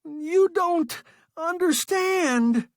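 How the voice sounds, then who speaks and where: A man's voice: very high voice, expressive, extremely slow, no echo, clean studio sound, voice pushed up, heavily acted. A man voicing a desperate, half-mad stranded old man who screams and pleads. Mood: pleading.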